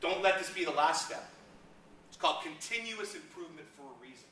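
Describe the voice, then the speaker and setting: Bright-voiced man giving a motivational seminar. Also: on the high side, fairly quick, slight background noise. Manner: animated, acts out little scenes in raised voices. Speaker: seminar speaker. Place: seminar room. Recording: echoey room, mic from a distance.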